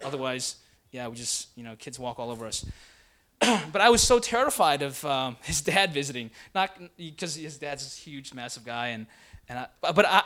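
A young adult man, an intern pastor, telling a personal story in a sermon with lots of "right?" tags and animated delivery. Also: fairly high pitch.

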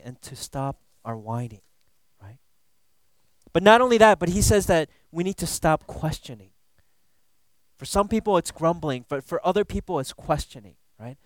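In a casual, playful Bible teaching sermon, a man on the higher side of pitch throws in "you know" and "right?" while laughing at his own jokes. The recording has no echo.

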